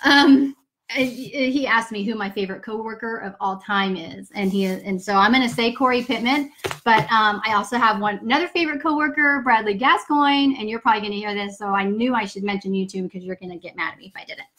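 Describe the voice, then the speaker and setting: A woman's voice: mid-range voice, a little fast, fairly bright tone. A woman, casually answering viewer questions on a live stream from her home office, upbeat and chatty with some swearing. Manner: upbeat, chatty, greets viewers mid-sentence; casual swearing and folksy "y'all". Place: home office with pets nearby. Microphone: computer or phone for a live stream.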